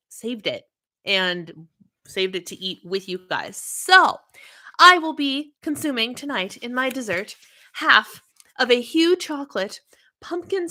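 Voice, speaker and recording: Woman host, chatty and upbeat, bright voice, for a casual livestream. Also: fairly high pitch. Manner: chatty, greets viewers by name, frequent laughs.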